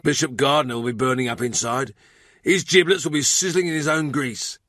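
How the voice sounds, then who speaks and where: A man's voice: mid-range voice, fairly quick, fairly bright tone, no echo, clean studio sound, voice pushed up, lightly acted. A man voicing a blunt, chatty palace cook who jokes irreverently. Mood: teasing.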